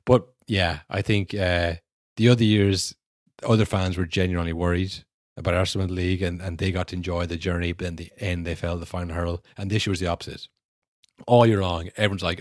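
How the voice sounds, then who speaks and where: A man co-hosting a podcast, talking football casually and animatedly, acting out fans' back-and-forth in quick asides. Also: low-pitched, no echo, studio quality. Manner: animated, mimics fans and rivals in quoted asides. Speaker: podcast co-host.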